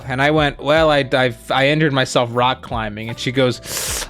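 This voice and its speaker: A man chatting on a livestream with an ordinary mid-range voice, spinning a rambling anecdote full of "like" and "um". He slips into quick imitations of the people in his story, and soft guitar music plays faintly behind him. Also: mid-range voice, clean tone. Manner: rambling, many fillers and "like"; animated retelling, quoting others. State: injured foot, on crutches. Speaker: streamer co-host. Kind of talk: casual storytelling chat.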